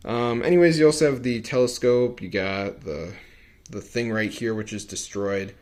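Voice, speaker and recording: A man's voice: medium pitch, normal speed, a little mellow. A man reviewing building toys in a casual vlog, rambling and hesitant, with lots of fillers and self-corrections. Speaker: toy reviewer.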